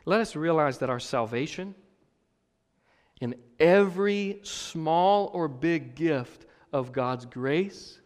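A male pastor with a slightly high voice delivers a chatty, humorous sermon. He keeps asking the audience "right?". His voice rings out in a big church hall with a long reverb tail. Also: animated, takes it slowly. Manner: conversational and joking, frequent checks with the audience. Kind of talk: sermon with personal stories.

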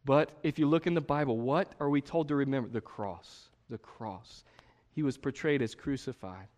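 A man preaching a sermon, full of rhetorical questions and sudden hushed emphasis. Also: a little high, fast, highs cut off. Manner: emphatic, rhetorical questions, drops to a hush for stress. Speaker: pastor. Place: church sanctuary. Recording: long hall reverb.

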